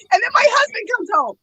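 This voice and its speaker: A woman telling a story in casual chat, animated and laughing often, acting out the other people's lines. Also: very high-pitched, very noisy. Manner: animated, laughs often, acts out quoted voices.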